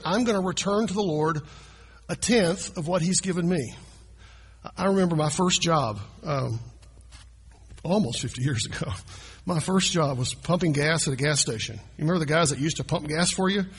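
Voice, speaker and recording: A man preaches a sermon as pastor in a church sanctuary, speaking conversationally and asking his congregation questions. His voice is a little high and slightly rough, and the recording carries long hall reverb.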